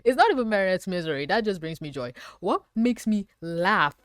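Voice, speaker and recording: A woman's voice: mid-range voice, expressive, brisk, hardly any pauses, dry recording, studio quality. A woman reviewing a cartoon episode in reaction commentary, swearing freely, ranting, and often breaking into laughter. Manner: profane, laughing often, rants. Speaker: animated series reviewer.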